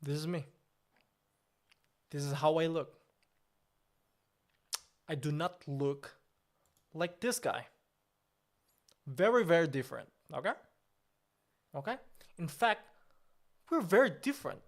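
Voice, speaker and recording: A man's voice: on the high side, expressive, slow, long pauses. A man playing a pompous, boastful, easily offended company boss on a comedic livestream, talking in an indignant, grandiose way.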